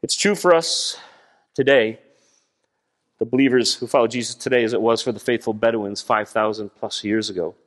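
A man preaching a sermon, animated, acting out voices as he explains a passage. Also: mid-range voice, normal speed. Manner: animated, acts out voices of God and people. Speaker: guest preacher.

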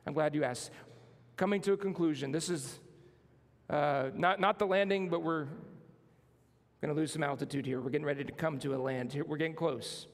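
A man's voice: on the high side, fairly quick, long reverb tail. A man preaching a sermon as pastor, building emphasis and calling on the congregation to respond.

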